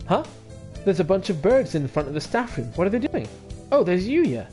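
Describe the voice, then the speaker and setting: Guy reading a dating game on stream, mellow voice, bouncy, faint music behind. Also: sits high, normal speed. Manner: laughs often, animated asides. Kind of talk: reading a visual novel aloud on stream.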